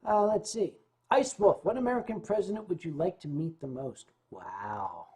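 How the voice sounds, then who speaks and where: This livestream host, a man, answers his chat briskly and with animation, telling stories marked by wide swings in pitch and loudness. His relaxed talk breaks into stumbles and restarts when the mood turns serious.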